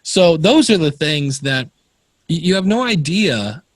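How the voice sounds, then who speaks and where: A man's voice: fairly high pitch, sing-song, measured pace, dry recording. A man telling stories in a casual podcast interview, often acting out the voices of the people he quotes. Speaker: podcast guest.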